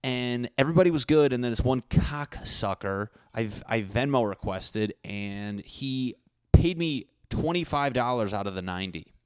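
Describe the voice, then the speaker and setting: A man's voice: mid-range voice, animated, moderate pace, a little mellow, a little hiss or hum. A young man hosting a solo podcast, ranting comically with profanity and mocking voices for other people. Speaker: podcast host. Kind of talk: solo comedic rant.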